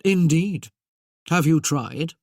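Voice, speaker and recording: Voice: mid-range voice, lively intonation, moderate pace, a little mellow, dry recording, close to an everyday voice. A dry, commanding Duke, as the narrator puts him on. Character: dry, authoritative aristocratic Duke.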